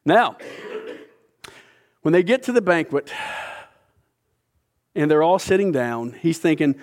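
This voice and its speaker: A man preaching a sermon, retelling a scripture story with lively asides. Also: on the high side, slow, long pauses. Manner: animated storytelling, acting out characters. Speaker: pastor.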